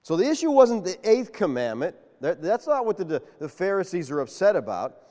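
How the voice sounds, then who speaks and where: A man preaching a sermon, animated and quizzing his congregation with questions. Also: sits high, normal speed. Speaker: pastor. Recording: long reverb of a large hall.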